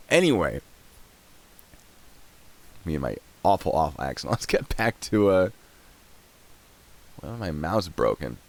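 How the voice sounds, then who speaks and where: A young man giving casual live-stream commentary, chatty and quick to laugh, often trailing off while he clicks around. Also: low voice, sing-song, vocal fry. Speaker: streamer reacting to videos and chat.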